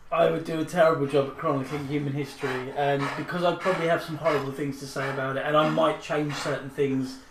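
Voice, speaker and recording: A man co-hosting a podcast in casual chat, crude and joking, often halting mid-sentence. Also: fairly high pitch, steady tone. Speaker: podcast co-host. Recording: distant mic in echoey noisy room.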